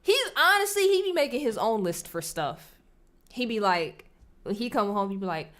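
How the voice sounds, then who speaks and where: A woman's voice: fairly high pitch, animated, normal speed, a bit bright. A woman hosting a livestream in casual chat, chatty and laughing often, at times dropping to a whisper. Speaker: livestream host. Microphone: streaming setup at a desk with screens.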